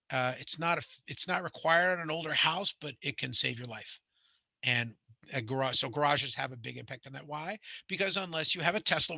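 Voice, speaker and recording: A man's voice: fairly high pitch, vocal fry, sharp tone, no echo. A middle-aged man, teaching a home inspection class in a rambling, conversational way, full of fillers and restarts. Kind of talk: classroom lecture with anecdotes.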